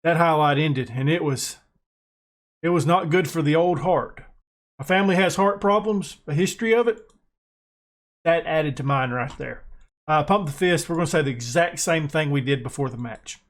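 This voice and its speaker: American guy, gaming commentary, excitable, self-mocking, a bit high-voiced. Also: moderate pace. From United States. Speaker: gaming YouTuber. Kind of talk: casual gameplay commentary.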